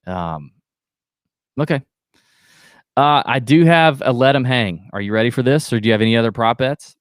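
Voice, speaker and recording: A man co-hosting a casual golf betting podcast, playful and loud, hamming it up and reading sponsor copy with gusto. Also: mid-range voice, expressive, normal speed, smooth, dry recording, clean studio sound. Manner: loud, playful, hams up a mock Aussie cheer. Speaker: podcast co-host.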